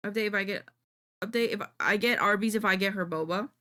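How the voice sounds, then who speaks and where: A woman streamer chats casually with her viewers as she works, thinking aloud in a jittery, self-deprecating way. Her medium-pitched voice is fast, pushed and bright.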